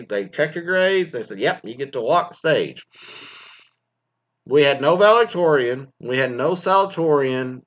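A man's voice: mid-range voice, a bit bright. A middle-aged man from Texas, a former teacher, ranting with heavy profanity and sarcasm in a casual monologue. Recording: slightly dull lo-fi sound.

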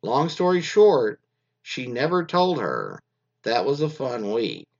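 A man's voice: mid-range voice, big pitch swings, slow, gravelly, a little mellow, lo-fi sound. A man hosting a casual podcast, reading out listener stories and rambling about them in a crude, meandering way full of fillers and restarts.

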